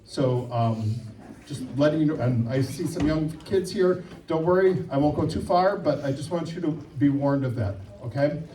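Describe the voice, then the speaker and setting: A man's voice: on the high side, normal speed, dark tone, slight background noise. A man with a Wisconsin accent leads a church workshop, joking with the group and often checking in with "okay?". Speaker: workshop leader. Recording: echoey room, mic far off.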